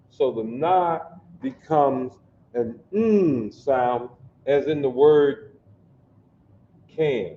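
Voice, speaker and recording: A man teaching a language class at a slow, patient pace, repeating sounds and often asking his students whether they follow. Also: mid-range voice, warm tone, slight background noise. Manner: slow, repetitive, checks understanding often. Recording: echoey room, dull lo-fi sound.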